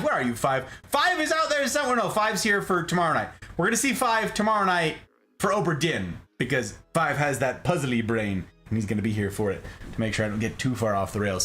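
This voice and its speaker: Male streamer host, bright and sharp tone, playful chat with viewers. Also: on the high side. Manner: playful, animated, greets viewers by name. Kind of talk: casual chat reading live chat.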